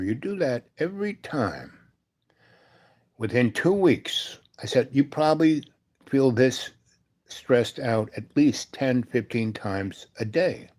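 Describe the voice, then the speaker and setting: A man hosting a live stream, telling a meandering personal story full of fillers and asides, sometimes dropping to a soft, hushed voice. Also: medium pitch. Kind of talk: rambling storytelling monologue.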